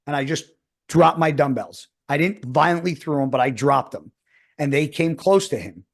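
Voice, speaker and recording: On the high side and moderately paced, this man's voice carries vocal fry. He's a podcast co-host in his forties, swearing constantly while animatedly telling a story in casual chat.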